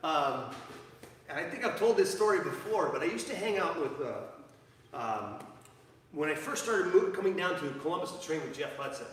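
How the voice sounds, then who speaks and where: Recorded at a distance in a reverberant training gym, a man leads a jiu-jitsu class live, his talk wandering and full of fillers and false starts. His fairly high voice is expressive and moves at a moderate pace, with some faint hiss or hum in the background.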